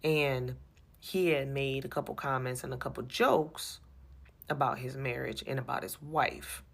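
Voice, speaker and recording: Low, gravelly woman telling a church story. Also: unhurried. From USA. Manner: animated, exasperated, repeats herself. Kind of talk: personal storytelling.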